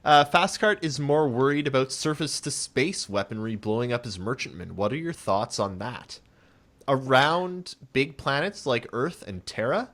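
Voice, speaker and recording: A man hosting a casual podcast over an online voice call, relaxed and reading out listener questions. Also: medium pitch, normal speed. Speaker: podcast host. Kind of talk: casual chat.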